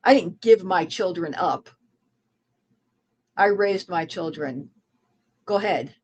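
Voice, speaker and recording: A woman's voice: fairly low pitch, slow pace, a little mellow, slightly rough, poor audio. A woman in a heated online argument who repeats herself in a taunting, contemptuous way.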